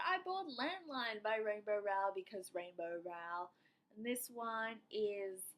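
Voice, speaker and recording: A woman's voice: mid-range voice, big pitch swings, normal speed, fairly bright tone, poor audio. A young woman with an Australian accent chatting casually and enthusiastically about books she bought. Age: young adult. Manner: chatty and enthusiastic, filler-heavy. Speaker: book vlogger. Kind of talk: casual book haul chat. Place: indoor room with air conditioning.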